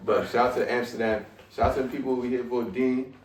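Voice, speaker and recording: A man's voice: medium pitch, steady tone, fast talker. A man with a Brooklyn accent, a guest DJ talking in a hyped, boastful way with lots of slang. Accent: Brooklyn New York. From Brooklyn, New York. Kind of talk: casual podcast chat. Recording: roomy, distant mic with faint noise.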